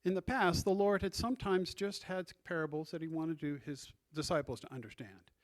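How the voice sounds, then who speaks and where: Pastor guy giving a sermon, voice a bit on the high side, reads verses and explains em. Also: fairly quick. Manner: teaching, reads scripture aloud and directs the congregation.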